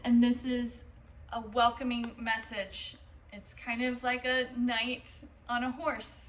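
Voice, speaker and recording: A woman gives a tarot reading in a loose, rambling way, swearing now and then. She talks slowly in a slightly high voice. She sits some way from the mic in an echoey room. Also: far from the mic, slight background noise. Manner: rambling, animated, swears and laughs. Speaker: tarot reader.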